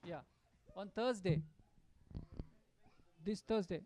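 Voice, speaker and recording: Animated man telling sacred stories. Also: sits high, moderate pace, pauses often. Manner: animated, acts out quotes, many fillers and restarts. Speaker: satsang speaker. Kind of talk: devotional storytelling talk.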